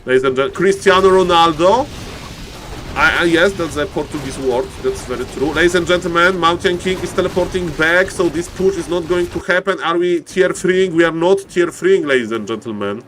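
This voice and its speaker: Excitable high-voiced male game caster. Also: brisk, hardly any pauses, slight background noise. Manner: excitable, repeats "ladies and gentlemen", bursts into high-pitched shouts; thanks chat viewers by name. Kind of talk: live-streamed esports commentary.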